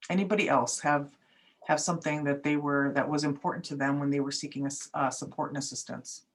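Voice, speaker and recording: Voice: mid-range voice, steady tone, fairly quick. A facilitator leading an online training session, casual and friendly, thanking each speaker. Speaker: workshop facilitator. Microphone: video call.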